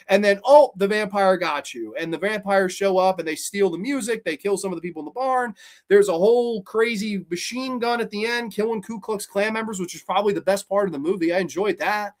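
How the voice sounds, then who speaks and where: A man hosting a horror show, ranting in a casual, profane, sarcastic way, swinging between loud outbursts and low muttering. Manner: mocks characters in silly voices. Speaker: horror podcast host. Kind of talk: casual ranting movie review.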